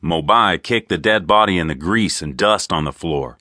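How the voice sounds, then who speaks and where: A man narrating an audiobook in an expressive, crisp storytelling manner. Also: low voice, moderate pace, dry recording, clean studio sound. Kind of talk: scripted narration.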